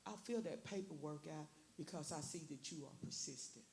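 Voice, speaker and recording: A woman's voice: low-pitched, normal speed, darkish tone. A woman giving an earnest personal testimony in church, repeating phrases and quoting her own prayers. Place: church sanctuary. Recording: echoey church with faint hiss.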